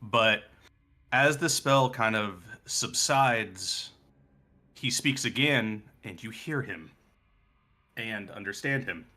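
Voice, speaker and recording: Slow, bright-toned male game master. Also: lowish voice. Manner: laughs often, loose with fillers. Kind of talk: narrating a tabletop game.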